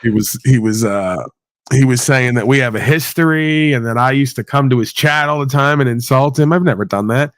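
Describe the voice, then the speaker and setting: Man, livestream host, profane casual rant, sarcastic, mid-pitched voice, dry sound. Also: brisk, dry recording. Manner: blunt, sweary, sarcastic.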